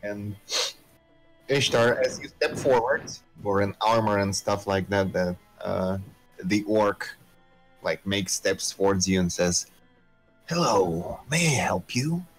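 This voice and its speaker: A man's voice: on the low side, steady tone, slow pace, soft background music, rough recording. A man narrating as game master of a tabletop game, hesitant and full of fillers.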